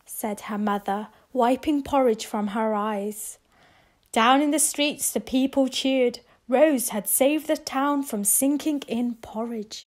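A woman reading a children's picture book aloud, expressive, with gasps and whispered asides. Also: fairly high pitch, slow. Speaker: children's story reader.

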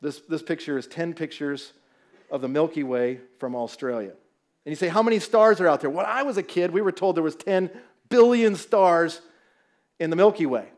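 A man's voice: a little high, moderate pace. A middle-aged man from Southern California, a guest pastor giving a humorous, storytelling sermon in a church. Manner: animated, storytelling, jokes with the audience. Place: church sanctuary.

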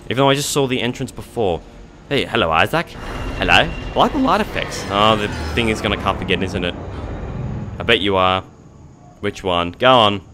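A young man giving jokey, excitable gameplay commentary, talking back to the monsters on screen. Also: on the low side, moderate pace, background noise. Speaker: let's play gamer.

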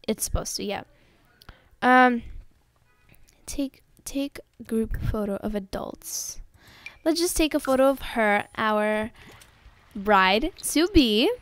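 A woman's voice: on the high side, no room sound. Gushing young woman narrating her gameplay. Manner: excitable and gushing, talks to viewers. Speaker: gaming video host. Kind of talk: casual gameplay commentary.

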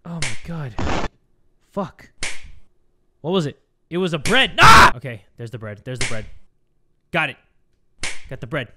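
A man giving excitable let's-play commentary, shouting and swearing at the game. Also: mid-range voice, a little slow, pauses often, heavy background noise. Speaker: gaming YouTuber.

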